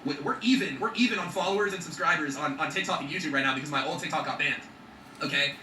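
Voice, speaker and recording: A man's voice: on the high side, quick pace, sharp tone, roomy sound, recorded from a distance, slight background noise, rough recording. A man talking in an emphatic motivational vlog, swearing freely and checking in with his viewers. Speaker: vlogger.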